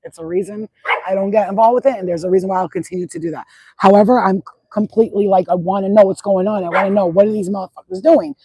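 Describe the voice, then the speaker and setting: A middle-aged woman talks to her viewers outdoors in a loose, rambling livestream chat. Her voice sits at an ordinary middle pitch and sounds close and dry, with little reflection around it. She swears freely and circles back over the same points. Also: steady tone, fast, dark tone, slightly rough, dry recording, rough recording. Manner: rambling, profane, repeats herself. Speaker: spiritual channel host. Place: outdoors at sunset.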